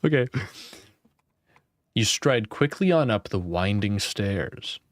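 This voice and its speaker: Young male gamebook reader: low voice, dry close sound, casual and wry. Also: lively intonation, takes it slowly, no room sound. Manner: casual, wry, swears and laughs at his own slips. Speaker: gamebook player and channel host. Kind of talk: reading a gamebook aloud with casual commentary.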